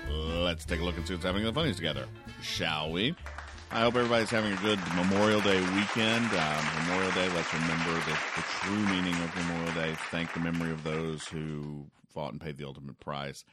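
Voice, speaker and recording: A man's voice: low voice, steady tone, fast, music in the background, crowd noise. A man giving casual spoken commentary on the Sunday comics, rambling and sarcastic, with many fillers and restarts. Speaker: comics reviewer.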